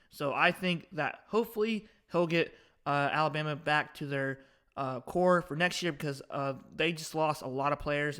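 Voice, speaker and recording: A man's voice: a little high, a bit bright. A man giving casual, rambling commentary on an upcoming college football game, with many fillers and restarts and frank opinions. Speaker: sports video host. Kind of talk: casual sports prediction commentary.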